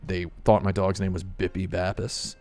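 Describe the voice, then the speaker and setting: Guy streaming from home, lowish voice, rambly and jokey, little bit of music behind. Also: level tone, moderate pace, a little mellow. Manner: rambling, jokey asides to chat. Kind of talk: casual live-stream chat.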